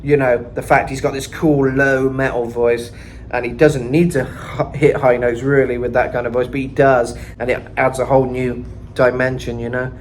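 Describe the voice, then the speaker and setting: A man's voice: mid-range voice, flat delivery, normal speed, noisy background. Chatty British man, vocal coach. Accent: British English. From Britain. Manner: chatty, thinking aloud with many fillers. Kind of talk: casual vocal lesson commentary. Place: home in Mexico.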